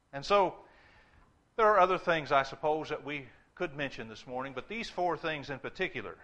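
A man's voice: mid-range voice, pushed and bright. A man preaching a sermon in a church, emphatic, often repeating words and restarting as he stresses a point. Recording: dull lo-fi sermon recording.

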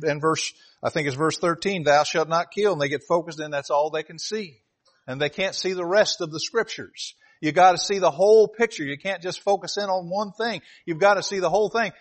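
A man preaches, his voice sitting a little high for a man. He hammers on key phrases, repeating them for emphasis. He moves between reading scripture aloud and explaining it to his listeners. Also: a bit bright. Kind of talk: sermon.

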